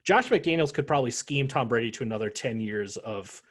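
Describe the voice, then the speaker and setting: A man co-hosting a casual sports podcast, swinging between muttered asides and loud, animated rants. His talk is full of jokes and swearing, at a mid pitch. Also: fairly quick, slightly rough. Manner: animated, profane, joking rants. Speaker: podcast co-host.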